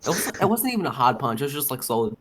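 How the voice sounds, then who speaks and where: A man's voice: mid-range voice, very animated, racing, fairly bright tone. A young man co-hosting a casual podcast, joking crudely and swearing heavily. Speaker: podcast co-host. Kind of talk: casual chat.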